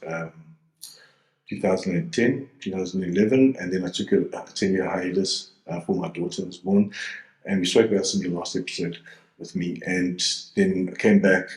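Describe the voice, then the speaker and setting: A man in his forties with a very low voice, chatting loosely as a guest and circling back on himself with fillers and restarts. He is from South Africa and speaks over a video call. The sound is roomy, with a clear echo around the voice. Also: animated, normal speed. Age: 40s. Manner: rambling, many fillers and restarts. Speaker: DJ and producer guest. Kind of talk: casual interview chat.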